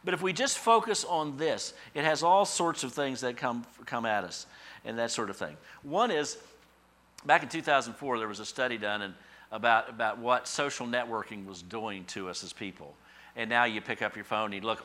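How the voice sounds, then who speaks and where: A middle-aged man preaching a sermon in a conversational, storytelling way, acting out quoted thoughts in a higher voice. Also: expressive, brisk, bright, forceful tone. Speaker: pastor.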